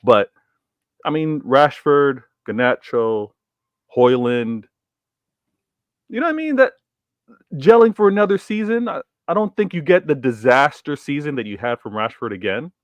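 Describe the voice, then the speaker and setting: A man co-hosting a casual football debate, pushing back with measured, wry answers that hedge before they commit. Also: fairly high pitch, animated, no echo. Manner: measured, wry, hedging rebuttals. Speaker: co-host.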